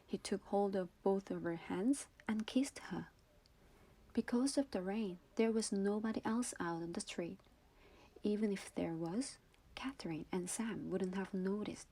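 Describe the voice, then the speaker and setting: Woman reader, native Korean speaker, ASMR reading, gentle whispers, warm and mellow. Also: mid-range voice, measured pace, slightly rough. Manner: soft, often whispered.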